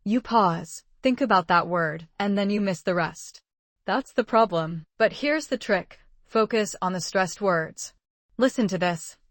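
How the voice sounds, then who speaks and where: A woman narrating an English listening lesson in a clear, measured teaching manner. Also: mid-range voice, no echo, clean studio sound.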